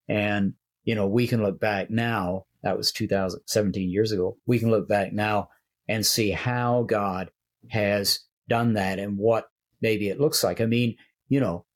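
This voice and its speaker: Older guy, lowish voice, thoughtful, stops and restarts a lot, chatting about faith. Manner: reflective storyteller, hesitant with many restarts. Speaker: church leader and podcast host. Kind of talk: casual conversation on faith.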